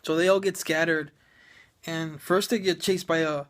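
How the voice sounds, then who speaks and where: A man's voice: fairly high pitch, fairly even intonation, normal speed, a bit bright. Sarcastic, swearing man ranting. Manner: profane, sarcastic, rambling with many fillers. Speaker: movie reviewer. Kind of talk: ranting movie review.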